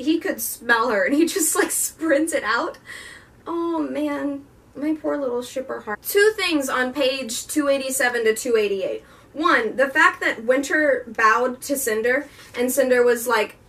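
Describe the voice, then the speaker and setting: A woman's voice: high voice, pushed and bright, recorded from a distance. A young woman vlogging a casual, gushing and emotional book review.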